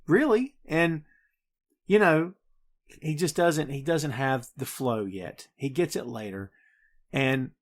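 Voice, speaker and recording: A man hosting a podcast, chatting casually and with energy about a film and addressing his listeners directly. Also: a little high. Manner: animated, addresses listeners as folks and kids. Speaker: podcast host. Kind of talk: casual movie review chat.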